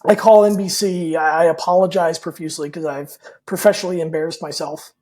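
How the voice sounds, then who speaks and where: A man's voice: on the high side, fairly even intonation, brisk, darkish tone. A man guest on a podcast telling a personal story in a candid, rambling way, full of fillers and repeated words. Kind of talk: casual storytelling in an interview.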